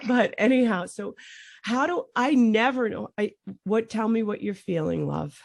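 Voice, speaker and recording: A woman's voice: medium pitch, lively intonation, moderate pace, vocal fry, no echo, clean studio sound. A middle-aged woman hosting a podcast, telling an emotional story that rambles and breaks off mid-sentence, her voice climbing when she relives moments of panic. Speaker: podcast host.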